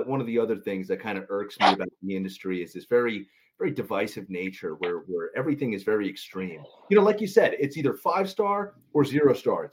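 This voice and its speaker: A man's voice: mid-range voice, darkish tone, slight background noise. A man hosting a podcast, chatting casually, joking and swearing freely. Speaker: podcast host.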